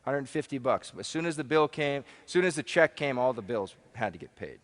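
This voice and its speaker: A man's voice: mid-range voice, expressive, a little fast, a bit bright. Emphatic guy speaking on stage, keeps asking the crowd stuff, big echoey hall sound. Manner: emphatic, repeats key phrases, asks the audience questions. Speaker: motivational speaker. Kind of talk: live seminar talk to an audience. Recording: long hall reverb.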